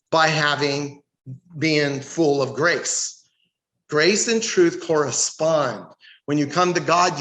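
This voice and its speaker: An American man teaches a Bible study like a sermon, emphatic and fond of rhetorical questions. His voice sits high for a man. It echoes around a roomy church hall. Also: a bit bright. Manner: emphatic, reads scripture aloud and asks rhetorical questions. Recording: echoey room.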